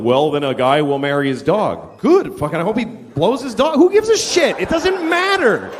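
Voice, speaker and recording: A middle-aged male stand-up comedian ranting in a profane, exasperated way on stage before a live audience. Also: very high-pitched. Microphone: stage mic. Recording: live audience and room noise. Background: crowd laughter.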